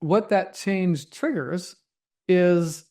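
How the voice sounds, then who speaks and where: A man's voice: high-pitched, very slow, warm tone. A man teaching a group about stories and the nervous system, walking them through an imagined scene in a conversational way, with many restarts and acted-out inner thoughts. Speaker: therapist teaching trauma recovery. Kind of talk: guided storytelling and teaching.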